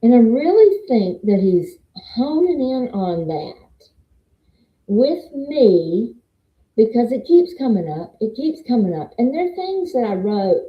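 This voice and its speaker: A woman's voice: fairly high pitch, very animated, measured pace. An older woman with a Southern accent giving a rambling, testimony-style faith talk and quoting scripture. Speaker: faith vlogger and meeting moderator. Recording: roomy, dull lo-fi sound.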